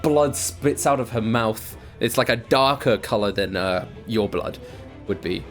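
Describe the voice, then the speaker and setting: A man's voice: lowish voice, unhurried, soft background music. A man narrating a tabletop game as game master, laughing often.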